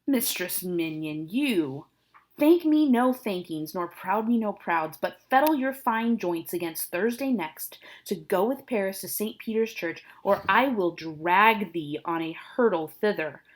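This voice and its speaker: A woman reading the part of an angry older nobleman scolding his daughter, loud and insulting. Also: medium pitch, animated, unhurried. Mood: furious. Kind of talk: dramatic reading of a play.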